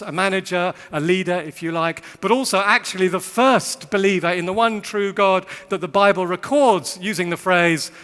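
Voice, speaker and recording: A man's voice: high-pitched, a bit bright, smooth. A man giving a witty, rhythmic sermon talk to a live audience, repeating phrases for emphasis. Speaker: speaker giving a Bible talk. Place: large hall with long reverb. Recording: voice echoing in a large hall.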